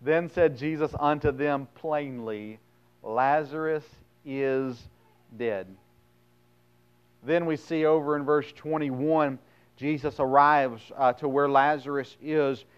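A man preaching a sermon, reading scripture aloud and then retelling it bluntly in plain words, with sudden swings between loud emphasis and quiet asides. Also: fairly high pitch, fairly even intonation, a little slow, smooth, dull audio. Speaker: pastor.

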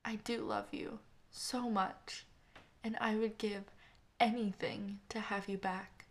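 A woman narrator voicing a grieving young woman who gives a halting, tearful eulogy for her brother. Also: mid-range voice, fairly even intonation, vocal fry.

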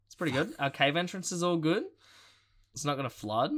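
A man co-hosting a podcast, chatting casually and excitedly, laughing often and using lots of fillers. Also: fairly high pitch, fairly quick. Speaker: podcast co-host. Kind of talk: casual chat.

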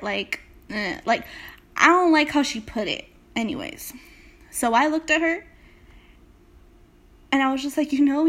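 A young woman from California hosting a casual motivational podcast, talking straight to her listeners with emphatic, swear-laced storytelling. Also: a little high. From Salinas, California. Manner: emphatic, swears freely, speaks directly to listeners. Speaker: podcast host.

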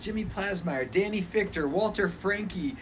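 Animated storytelling man, noisy recording. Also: sits high, a little slow. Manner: animated storyteller, laughing often. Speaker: former pastor telling stories. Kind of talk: casual podcast chat.

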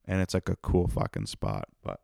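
A man's voice: low voice, very animated, moderate pace, creaky, warm tone, dry recording, studio quality. A comedian hosting his own podcast, rambling and profane in a tired, self-mocking solo monologue. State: tired, yawning.

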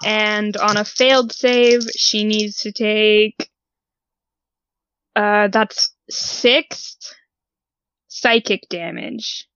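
A woman playing a tabletop game, speaking in an unhurried way and reading the rules aloud. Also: medium pitch, fairly even intonation, a bit bright, clear, resonant tone, no echo, highs cut off. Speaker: player.

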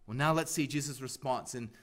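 A man preaching a sermon as pastor, emphatic, pressing repeated questions and swinging from loud to hushed. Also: medium pitch, fairly quick.

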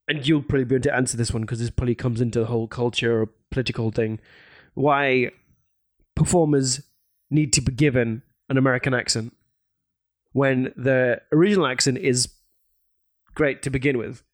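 A man co-hosting a casual film chat, relaxed and hesitant, with many fillers. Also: medium pitch, moderate pace, long pauses, no echo, clean studio sound.

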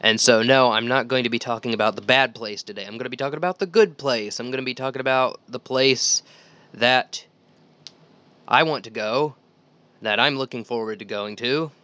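A man hosts a solo Bible teaching podcast in a medium-pitched, bright, forceful voice at a moderate pace, with no room sound. He talks earnestly and conversationally, reads scripture aloud, and often restarts sentences and repeats phrases.

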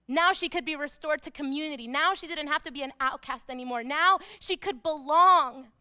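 A woman pastor preaching a sermon, emphatic, repeating key phrases and dropping to a hush for weight. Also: sits high, fairly quick.

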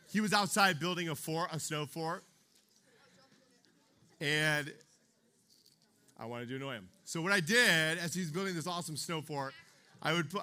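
Bright-voiced young youth pastor. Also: male voice, fairly high pitch. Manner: chatty, keeps asking the room "okay?" and "right?". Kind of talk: youth sermon.

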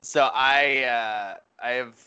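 A man co-hosting a casual podcast, rambling animatedly through a story with plenty of ums and restarts. His voice is bright and forward, set at an ordinary middle pitch. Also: takes it slowly, clear, resonant tone, highs cut off. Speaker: podcast co-host. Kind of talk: casual chat.

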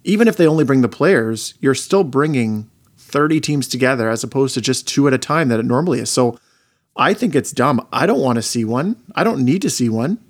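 A man's voice: mid-range voice, lively intonation, brisk. A man co-hosting a casual sports podcast, talkative and opinionated, leading the conversation. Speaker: podcast co-host.

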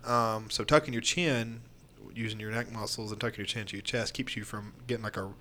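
A man's voice: fairly low pitch, fairly even intonation, brisk, pushed and bright, slight background noise. A man, a pro wrestler, talking casually on a podcast in a rambling, candid way with plenty of fillers and restarts.

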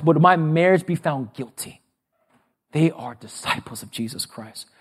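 A middle-aged man preaching from the pulpit in a bright, high voice. He keeps pulling the congregation in with questions and drops from ringing calls to hushed asides. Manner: preaching with call-and-response questions; swings between loud rising calls and low quiet asides. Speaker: pastor. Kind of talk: sermon.

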